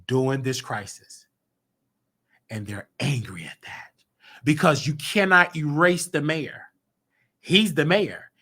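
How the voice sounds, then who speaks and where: A man's voice: a little high, bright, forceful tone. A man hosting a casual commentary monologue, talking emphatically with rhetorical questions. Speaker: host.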